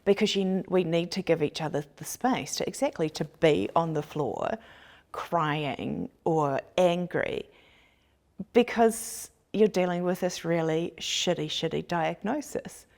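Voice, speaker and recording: A woman's voice: lowish voice, animated, measured pace, vocal fry, a little mellow. A woman hosting a podcast, talking in an earnest, reflective way during a casual chat. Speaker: podcast host.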